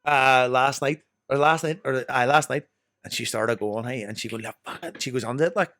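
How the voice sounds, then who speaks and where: A man's voice: mid-range voice, normal speed, a bit bright, no echo, studio quality. A young Northern Irish man telling rambling, sweary stories as a podcast guest. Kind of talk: casual chat.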